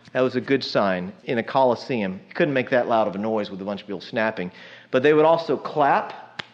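A man's voice: fairly high pitch, highs cut off. A man preaching a sermon in a conversational way, often asking the congregation questions. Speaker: pastor.

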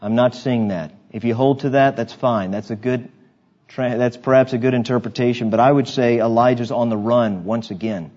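A man's voice: mid-range voice, fairly even intonation, normal speed, darkish tone, muffled recording. A male pastor preaching a sermon in an emphatic, conversational way, with asides to his congregation.

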